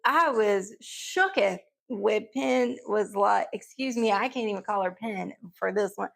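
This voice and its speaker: A woman chatting casually through a TV episode review, animated, with big jumps in pitch when she quotes characters. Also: unhurried, creaky. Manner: talks straight to her pets between points.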